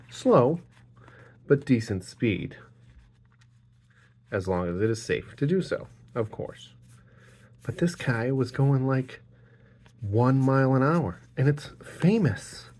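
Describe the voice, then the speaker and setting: A man's voice: medium pitch, darkish tone, breathy edge. A man chatting casually while sorting trading cards, rambling with jokes and profane rants. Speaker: card-opening channel host.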